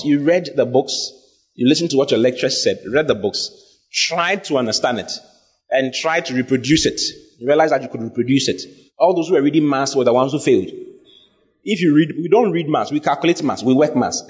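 A man's voice: medium pitch, breathy edge. A man preaching a sermon, emphatic and full of questions to his congregation. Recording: dull lo-fi sound.

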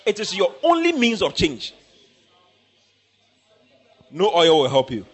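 High, lively preacher. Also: male voice, takes it slowly, slightly rough. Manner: emphatic, repetitive, bursts into shouting. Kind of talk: sermon.

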